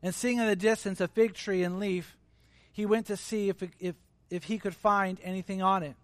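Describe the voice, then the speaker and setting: A man preaching a sermon in a relaxed, conversational way, acting out the voices of people he describes. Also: high-pitched, moderate pace, dry recording. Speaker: pastor.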